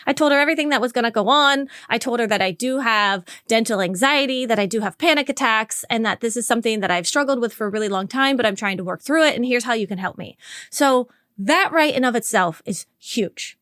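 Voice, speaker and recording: A woman's voice: fairly high pitch, a bit bright, dry recording, studio quality. A woman in her forties, a podcast host, telling a personal story in a candid, earnest, conversational way. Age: 40s.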